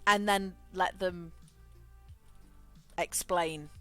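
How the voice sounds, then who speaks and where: Bright, frank woman streamer. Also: lowish voice, fairly even intonation, very slow, faint music behind. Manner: frank, swears freely, laughs often. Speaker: game streamer. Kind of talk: casual chat while gaming.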